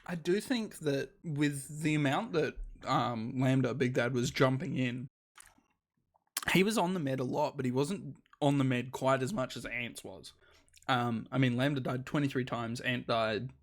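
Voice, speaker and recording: A man calls a live esports match in a relaxed, easygoing way. His pitch sits in an ordinary middle range. He jokes at his own expense and laughs a lot between calls. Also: unhurried. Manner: laid-back, self-deprecating, laughs often. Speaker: esports play-by-play caster.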